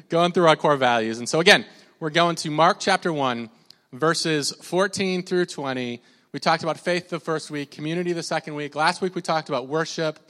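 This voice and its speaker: Energetic male preacher, slightly raised pitch, reads scripture and prompts the room, reverberant church sound. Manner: energetic, leads call-and-response. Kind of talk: church sermon with scripture reading. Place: church sanctuary. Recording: long reverb of a church hall.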